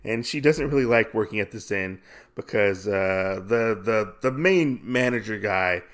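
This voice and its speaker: A man hosting a podcast, recapping a comic casually with rambling, halting asides. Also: fairly low pitch, lively intonation, fairly bright tone. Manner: rambling, lots of fillers and restarts. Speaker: podcast host.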